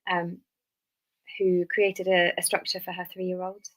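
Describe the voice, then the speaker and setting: A woman leading a family music webinar, talking in a relaxed way with many ums. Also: lowish voice, unhurried, poor audio. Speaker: music session leader. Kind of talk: webinar teaching.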